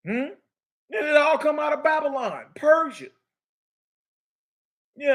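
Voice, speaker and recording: A man hosts a fiery commentary. He reads passages aloud, then breaks into mocking, slangy outbursts. His tone swings between preachy and taunting, with frequent shouts. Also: sits high. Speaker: show host. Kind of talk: animated commentary reading from a book.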